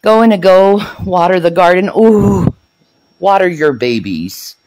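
Woman vlogger rambling casually, lots of pitch swings, cusses a lot. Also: animated, takes it slowly, darkish tone, poor audio. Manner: chatty, swears freely, laughs often. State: out of breath. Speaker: vlog host. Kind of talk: casual chat.

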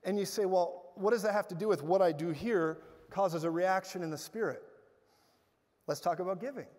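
A man preaching a sermon, telling stories in an animated way with bursts of loud laughter. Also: high voice, moderate pace. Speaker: guest preacher. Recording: hall reverb.

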